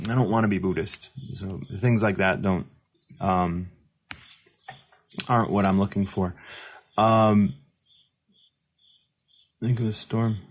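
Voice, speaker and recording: Male host, deep voice, rambling reflective livestream talk. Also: steady tone, takes it slowly, long pauses. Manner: rambling, reflective, many fillers and restarts; reads viewer comments aloud. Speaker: recovery mentor and show host. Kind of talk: casual livestream monologue.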